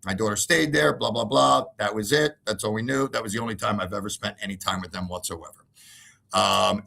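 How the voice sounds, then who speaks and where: A man with a fairly low, gravelly voice tells a heated story in an interview, speaking emphatically with lots of repetition. He's animated and acts out other people's words in their voices.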